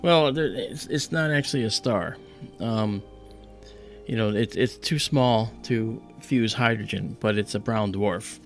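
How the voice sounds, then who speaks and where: A man with a lowish, gravelly voice hosts a live astronomy stream. He rambles through his explanations with plenty of ums and restarts. Faint music plays behind him. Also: a little slow. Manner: rambling, many fillers and restarts. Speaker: astronomy livestream host.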